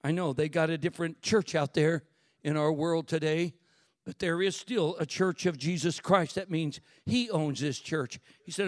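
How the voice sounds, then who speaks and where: A pastor preaching a sermon, shifting from quiet, reflective talk to loud, shouted exhortation. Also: male voice, on the high side, moderate pace.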